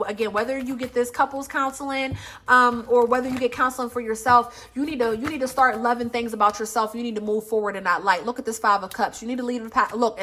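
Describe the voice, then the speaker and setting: A woman's voice: a little high, a bit bright, slight background noise. A woman reading tarot cards for her viewers, blunt and emphatic, swearing freely and calling listeners baby and honey. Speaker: tarot reader. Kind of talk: casual tarot reading vlog.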